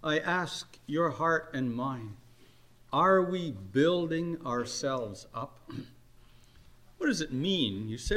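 Older guy preaching, earnest, slow, pitch jumps up on questions. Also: lively intonation, fairly bright tone. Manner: earnest, slow exhortation with rising emphatic questions. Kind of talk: sermon.

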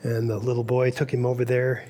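A man's voice: mid-range voice, completely flat delivery, a little fast, warm tone, slight background noise. A man preaching a sermon at a camp meeting, telling Bible stories and acting out the dialogue. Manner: storytelling, acts out dialogue in quotes.

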